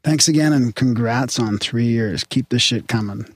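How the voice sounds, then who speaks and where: A man's voice: mid-range voice, moderate pace, no room sound. A man co-hosting a podcast, casually reading listener emails aloud with chuckles and restarts. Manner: laid-back, reads aloud with chuckles and restarts.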